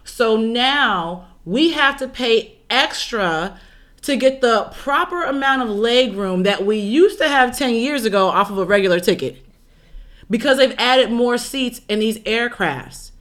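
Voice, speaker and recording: A woman's voice: on the high side, animated, a little slow, fairly bright tone. A woman co-hosting a casual chat show, giving her opinions emphatically. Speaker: podcast co-host.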